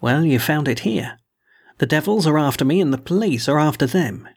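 A man's voice: fairly high pitch, expressive, normal speed, husky. A man voicing a male fugitive adventurer who talks in a bold, persuasive way. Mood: urgent. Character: adventurous male fugitive hero spinning a tale.

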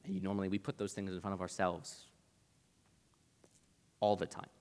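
A man's voice: deep voice, level tone, normal speed, darkish tone. A young man giving a casual Bible talk as a preacher, chatty and conversational, with lots of "like" in his speech. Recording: long reverb of a large hall.

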